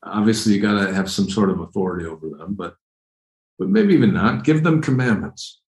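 Male preacher, lowish voice, emphatic and conversational, roomy echo. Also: expressive, fairly quick, a little mellow. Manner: conversational, emphatic, repeats phrases. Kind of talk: expository sermon.

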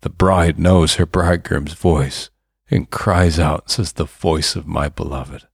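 A male preacher delivers a sermon in a low, deep voice, taking his time with long drawn-out pauses. He is fervent and builds to emphatic bursts. The sound is dry and close. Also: fairly even intonation, vocal fry, husky, no room sound.

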